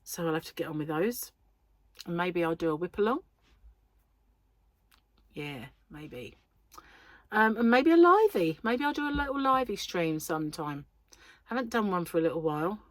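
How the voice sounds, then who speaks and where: Her voice on the low side and sing-song, this English crochet vlogger chats at a normal speed with long pauses. She rambles with lots of ums, her throat still a little sore, in a dry recording.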